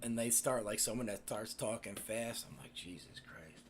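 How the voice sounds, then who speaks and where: A man's voice: on the low side, steady tone, moderate pace, very noisy. A man, hosting a casual live stream and chatting with viewers in a rambling, profane way, full of fillers and restarts.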